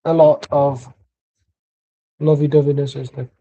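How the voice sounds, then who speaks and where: A man's voice: on the high side, flat delivery, measured pace, vocal fry, highs cut off. A man doing casual live match commentary from home, rambling and blunt with plenty of swearing. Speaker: watchalong streamer.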